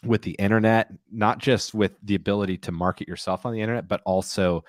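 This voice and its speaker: Very deep-voiced man in casual talk. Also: steady tone, quick pace, dry recording, studio quality. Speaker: co-host. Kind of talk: casual podcast discussion.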